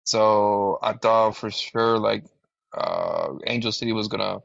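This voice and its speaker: A man co-hosting a soccer podcast, giving a measured game recap with plenty of fillers and hedges. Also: on the low side, wildly swooping pitch, vocal fry, a bit bright, no echo. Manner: measured, hedging, filler-heavy. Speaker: podcast co-host, soccer reporter. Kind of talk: casual chat. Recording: dull lo-fi dry sound.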